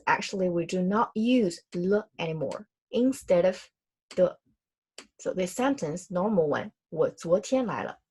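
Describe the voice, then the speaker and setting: A husky young woman whose first language is Mandarin explains grammar to learners, moving between Chinese and English. She repeats herself, rephrases and asks her listeners questions as she goes. Her voice sits at a middling pitch. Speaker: Chinese teacher.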